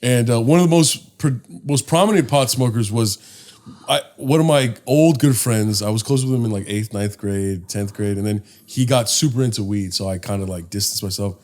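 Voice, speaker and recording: A man's voice: mid-range voice, normal speed. A young man, a podcast co-host, telling a casual story with lots of swearing and acted-out quotes, recorded at home. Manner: animated, swearing, acts out voices in his story.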